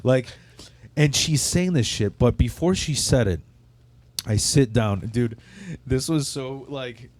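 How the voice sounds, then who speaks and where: A man's voice: medium pitch, slow, a little mellow. A man hosting a podcast, telling rambling, profane comic stories in casual chat. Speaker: podcast host. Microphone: studio microphone.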